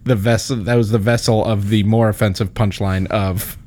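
A man's voice: lowish voice, steady tone, moderate pace, darkish tone. A man in casual podcast chat who agrees readily, laughs often and rambles with lots of fillers.

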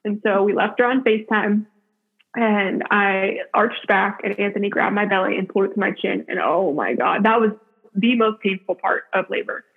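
A woman's voice: medium pitch, moderate pace, gravelly, husky. A woman telling a personal story in casual chat, full of "like" fillers and frequent laughs. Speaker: podcast guest. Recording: tinny phone-like line.

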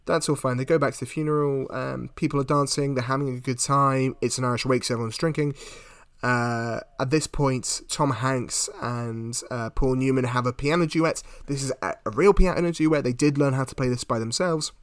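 A man talks through a film's plot in a loose, chatty way, often restarting his sentences. His voice sits at an everyday middle pitch. The recording is dry and close, with no room sound. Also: moderate pace, clear, resonant tone, dry recording. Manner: retells plot at length with many restarts. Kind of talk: casual film discussion.

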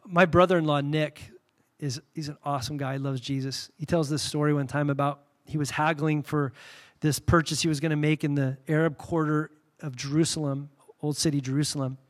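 A man delivers a sermon in a slightly high voice. He talks candidly and animatedly, telling stories with loud bursts. He then drops into quiet, reverent passages. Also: little pitch movement, fairly quick. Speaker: pastor.

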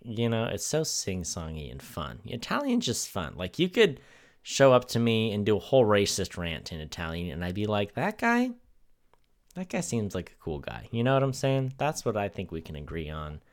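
A man with a low voice that swings widely up and down as he talks. He co-hosts a loose comedy chat and pushes mock-outraged opinions with big, theatrical emphasis. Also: sing-song, a little fast. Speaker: podcast co-host.

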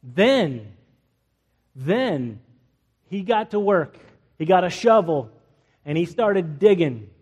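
A man preaching a sermon as pastor, humorous and animated, laughing often. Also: high voice, a little slow. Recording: long hall reverb.

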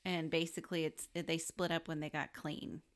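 A woman's voice: low voice, little pitch movement, moderate pace. A woman co-hosting a podcast, chiming in with dry quips during a casual movie review chat. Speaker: podcast co-host.

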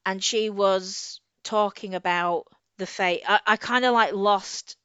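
A woman co-hosting a casual book discussion, chatty and quick to laugh, often trailing off and restarting. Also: mid-range voice, steady tone, a bit bright, smooth, dry recording. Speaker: podcast co-host. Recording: slightly dull lo-fi audio.

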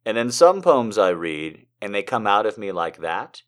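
A man reading poems aloud and joking between them, moving from slow dramatic recitation to fast, excited, profane banter. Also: lowish voice. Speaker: poetry reader. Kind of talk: casual poetry reading with commentary.

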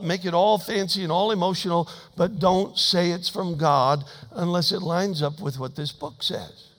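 A man with a high-pitched voice delivers a sermon in a folksy, humorous storytelling manner. He swings between emphatic, raised declarations and quiet asides. Each phrase trails off into the long reverb of a large church sanctuary. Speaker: pastor.

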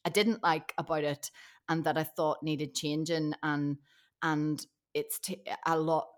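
A woman actress chatting as a podcast guest, telling animated stories and laughing often. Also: low voice, a little slow. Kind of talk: casual chat.

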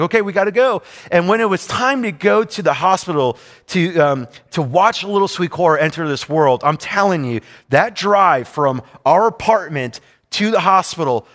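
A man's voice: sits high, fairly bright tone. A man preaching a sermon, telling a personal story in an earnest, confessional way and often repeating himself. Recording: long hall reverb.

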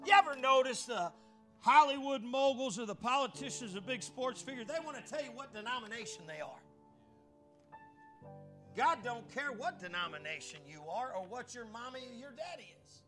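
An older man preaching a sermon as pastor, emphatic and conversational, climbing into shouted peaks, with faint music behind. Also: very high voice, expressive, moderate pace.

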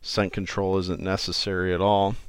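A man's voice: low voice, flat delivery, moderate pace, clear, resonant tone, dry recording, clean studio sound. A man co-hosting a casual podcast chat, joking and loose, often restarting his sentences. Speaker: podcast co-host.

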